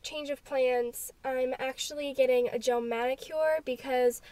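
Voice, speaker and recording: A woman's voice: sits high, steady tone, measured pace, dark tone. A young woman with a South Jersey accent, chatting casually to the camera in a vlog, giggly and talkative. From New Jersey, USA. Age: young adult. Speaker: vlogger.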